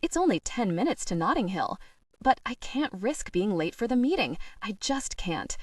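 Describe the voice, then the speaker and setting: A woman reading a first-person novel aloud as an audiobook narrator, expressive and rising into breathless worry. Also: mid-range voice, moderate pace, no echo, studio quality, recorded from a distance.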